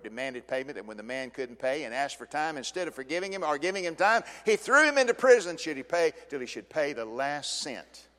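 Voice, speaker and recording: Older male pastor, sermon delivery, dynamic swings from quiet to booming, long church reverb. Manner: dramatic swings from hushed to loud. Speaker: preacher.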